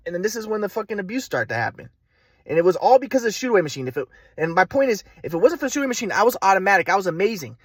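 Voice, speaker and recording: A man telling a personal story in a fast, repetitive, aggrieved monologue. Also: high voice, very animated, breathy edge, no room sound, clean studio sound. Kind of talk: rambling monologue.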